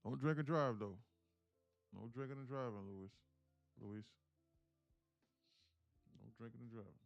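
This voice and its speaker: A man's voice: medium pitch, measured pace, creaky, highs cut off, faint music behind. A man hosting a live trading stream, chatting casually and teasing viewers between market calls. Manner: joking, teasing chat with viewers. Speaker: livestream day trader host.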